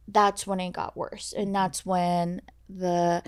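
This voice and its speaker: A young woman telling a painful personal story on a podcast, halting and full of fillers and restarts. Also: lowish voice, little pitch movement, darkish tone, clear, resonant tone, no echo, studio quality. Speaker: guest sharing her story. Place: podcast studio.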